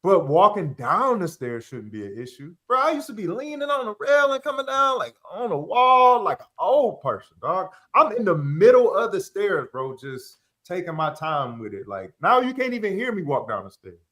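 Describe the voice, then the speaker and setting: A man's voice: high-pitched, normal speed, few pauses. A man on a podcast, telling casual, slangy stories and acting out the voices in them. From Chicago area. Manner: animated, slangy, acts out voices in his stories. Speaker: podcast guest. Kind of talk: casual storytelling chat.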